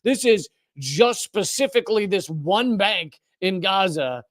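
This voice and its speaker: A man with a notably high-pitched voice delivers political commentary on a live stream. His delivery is sarcastic and emphatic, full of incredulous asides. The recording is close and dry, with no room sound. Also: animated, a little slow, fairly bright tone, no echo.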